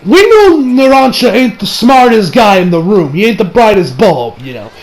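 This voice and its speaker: A young American man recaps an anime episode in a rambling, profane, casual style full of fillers and restarts. His high-pitched voice is sing-song at a moderate pace, and the recording is rough.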